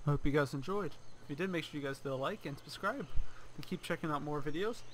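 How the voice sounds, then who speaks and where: Higher-voiced man narrating gameplay with theatrical menace. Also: fast talker, sharp tone, slight background noise, rough recording. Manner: theatrical, mock-villainous declarations. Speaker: let's play host. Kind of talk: gameplay commentary.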